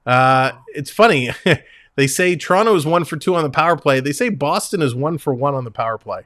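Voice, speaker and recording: A man's voice: on the high side, animated, brisk, a bit bright, dry recording, clean studio sound. A man hosting a live hockey stream, reading stats and chatting with guests in an upbeat, joking way. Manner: upbeat play-by-play, reads stats, jokes. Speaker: stream host.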